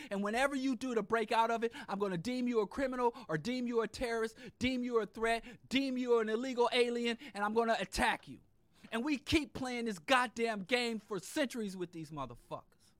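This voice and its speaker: Male host, very high pitch, dry recording; fiery, profane monologue that builds in repeated lists and drops to low asides. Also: no room sound. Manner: swings between loud outbursts and low muttered asides. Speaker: podcast host. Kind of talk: impassioned political monologue.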